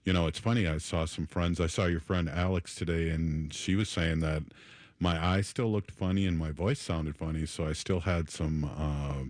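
A man hosting a radio show in casual chat, rambling and halting with many fillers, his voice still a little off after an illness. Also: deep voice, steady tone, darkish tone, dry recording.

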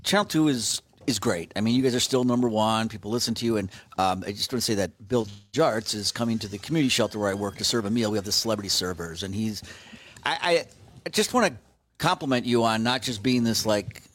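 A man's voice: on the low side, animated, quick pace, a bit bright. A man chatting as a guest on a local radio show, enthusiastic and rambling. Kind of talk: casual radio talk.

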